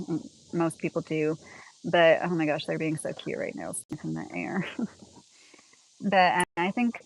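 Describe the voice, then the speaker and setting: A woman chatting casually on a livestream as she walks through her home and garden, rambling with lots of "like" and quick laughs. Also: lowish voice, low-quality recording.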